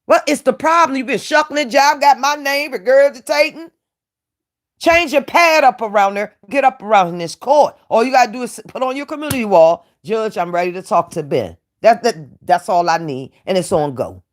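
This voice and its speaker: A woman's voice: high-pitched, expressive, moderate pace. A woman from the United States, hosting a casual commentary rant in a brash, taunting way and laughing often. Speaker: YouTube commentary host playing a judge.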